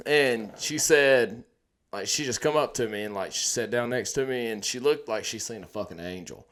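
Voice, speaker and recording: A man's voice: mid-range voice, sing-song, normal speed, bright, forceful tone. Easygoing male co-host, crude rambling storyteller. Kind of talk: casual storytelling chat.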